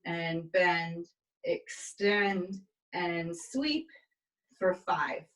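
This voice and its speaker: A tired woman instructor calmly cueing pilates moves and counting through the reps, recorded on a camera mic a few steps away in an indoor studio. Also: lowish voice, drawn-out words, distant mic, low-quality recording. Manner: calm step-by-step cueing with counts. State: tired, yawning. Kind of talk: guided exercise instruction. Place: indoor exercise space.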